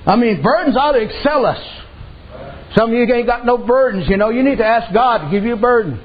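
A man's voice: extremely high pitch, animated, brisk. A man preaching a sermon in a folksy storytelling way, with many "amen"s and "you know"s. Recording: dull lo-fi recording with faint noise.

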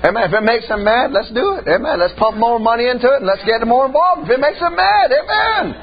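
A male pastor preaching a sermon in a folksy storytelling manner, punctuating it with amens and building to shouts. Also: extremely high pitch, lively intonation, quick pace, lo-fi sound.

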